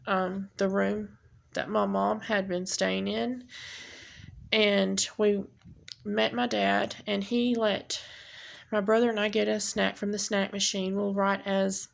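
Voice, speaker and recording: Creaky-voiced woman telling her story. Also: mid-range voice. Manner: halting, with frequent ums and restarts. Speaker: speaker sharing her testimony. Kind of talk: personal testimony, unscripted storytelling.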